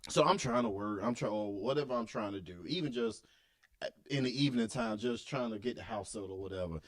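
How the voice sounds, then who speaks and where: A man's voice: mid-range voice, brisk. A man co-hosting a casual comedy podcast, telling stories with frequent laughter, stammers and restarts. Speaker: podcast co-host.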